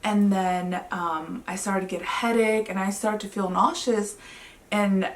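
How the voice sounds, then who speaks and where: A woman in her thirties, a vlogging mother, telling her story in a chatty, excitable way with lots of fillers. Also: mid-range voice, unhurried. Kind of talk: casual storytelling to camera. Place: home living room. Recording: roomy echo, mic at a distance.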